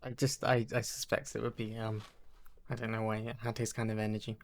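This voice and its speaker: A man's voice: lowish voice, little pitch movement, brisk, vocal fry. A young man co-hosting a podcast, rambling casually and repeating words as he thinks. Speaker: podcast co-host. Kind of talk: casual chat.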